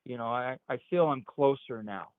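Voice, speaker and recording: A middle-aged man, appearing as an interview guest, tells a personal story haltingly, stammering into restarts and repeating words. His pitch jumps sharply when he quotes others, and the dry recording comes through a thin, tinny, phone-like line.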